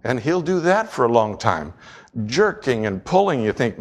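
A man preaching a sermon in a church, telling a story with lively asides and often clearing his throat. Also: mid-range voice, moderate pace. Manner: storytelling, animated, acts out voices and sounds. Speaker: pastor. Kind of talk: sermon with object lesson.

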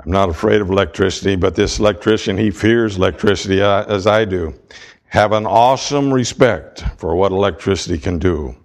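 A man preaching a sermon with emphatic, deliberate delivery and dramatic pauses. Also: deep voice.

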